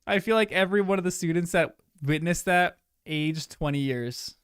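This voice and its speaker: A young male streamer reacts to a movie with his chat, talking casually and emotionally and trailing off into soft asides. His voice is on the high side at a normal pace, with a clean, dry, studio-quality sound.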